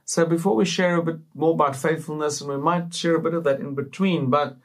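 A man's voice: on the high side, fairly even intonation, brisk. Upbeat preacherly male talk-show host. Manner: upbeat, preacherly, with frequent fillers. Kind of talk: casual faith talk to camera.

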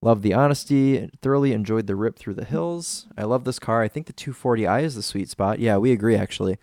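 Man, somewhat low voice, relaxed car-podcast co-host, dry close sound. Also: brisk, no echo. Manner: relaxed, agreeable, reads listener comments aloud. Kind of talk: casual chat about cars.

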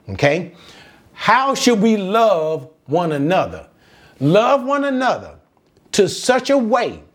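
Slow, lively high-voiced preacher man. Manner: slow, emphatic preaching that lifts on key phrases; folksy asides to the congregation. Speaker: pastor. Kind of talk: sermon.

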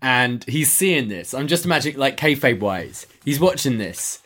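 A man's voice: mid-range voice, lively intonation, normal speed, a bit bright. A man co-hosting a casual wrestling review podcast, giving wry, thoughtful opinions. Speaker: podcast co-host.

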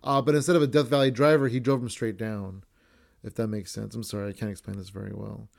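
A man's voice: on the low side, level tone, fast, creaky. A man hosting a podcast, recapping a match in a rambling, profane, self-correcting way. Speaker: podcast host.

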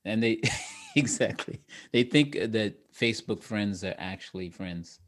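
A man's voice: fairly low pitch, expressive, unhurried. A man talking in a casual podcast conversation as a guest, rambling with restarts and laughing between thoughts. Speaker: guest, actor and comedian.

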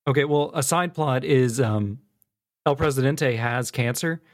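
A man's voice: mid-range voice, measured pace. An easygoing man co-hosting a casual chat, recapping plots with fillers like "like" and "um".

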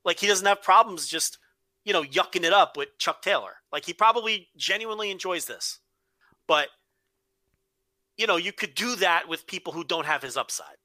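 A man's voice: high voice, animated, moderate pace, bright, forceful tone, no room sound. A man co-hosting a wrestling podcast, giving blunt, profane opinions in casual chat with frequent restarts. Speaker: podcast co-host.

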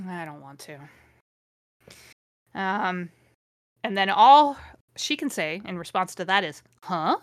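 A woman's voice: medium pitch, lively intonation, takes it slowly, long pauses, dry recording, clean studio sound. A woman podcast host reading a fanfic aloud with amused, sarcastic commentary. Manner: amused, sarcastic, laughs often.

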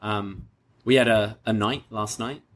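A man's voice: fairly low pitch, fairly even intonation, measured pace, fairly bright tone, a little hiss or hum. A young man with a Northwest London accent, co-hosting a podcast in casual, laid-back chat. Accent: Northwest London English. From England. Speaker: podcast co-host.

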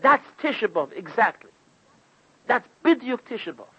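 High, bright-voiced impassioned preacher man. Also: big pitch swings, normal speed, husky. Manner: impassioned storytelling, acting out quoted voices. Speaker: rabbi giving a sermon. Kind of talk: sermon. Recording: dull lo-fi recording.

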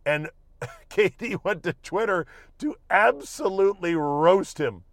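A man's voice: high-pitched, expressive, measured pace, no echo, studio quality. Wry, offhand male sports podcast host. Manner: wry, joking, offhand, with swearing. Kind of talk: casual solo sports podcast monologue.

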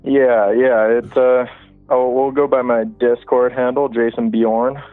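A caller with a mid-range voice shares a creepy story with a show, speaking a little slowly in a level tone. He rambles casually, leaning on fillers and restarts, and the phone line sounds tinny.

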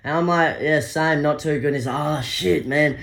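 A young Australian man telling a story in casual chat, animated, acting out the voices of the people in it. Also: on the high side, normal speed, creaky.

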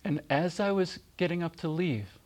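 A middle-aged man gently and warmly telling personal stories in a remembrance talk, with soft pauses. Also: a little high, lively intonation. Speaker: speaker giving a spiritual reflection.

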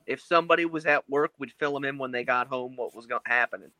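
A man's voice: mid-range voice, quick pace, pushed and bright, no echo. A man in a casual podcast chat, reminiscing with enthusiasm. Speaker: podcast co-host or guest.

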